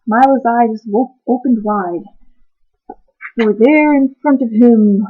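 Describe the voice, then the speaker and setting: A woman reading a children's book aloud in a gentle, even storytelling manner. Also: fairly high pitch, takes it slowly, breathy edge. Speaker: reader. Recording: tinny phone-like sound.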